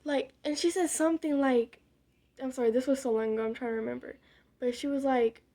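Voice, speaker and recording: High-voiced young woman rambling a storytime. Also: fairly even intonation, moderate pace, darkish tone. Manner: rambling, candid, with muttered side remarks. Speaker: vlogger. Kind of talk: casual storytime while doing makeup.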